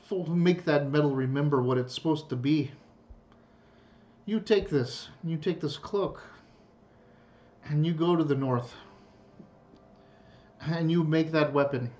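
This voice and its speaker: A man voicing a solemn male dwarf lord who grants a quest, speaking in a grave, commanding way. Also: on the high side. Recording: muffled lo-fi recording.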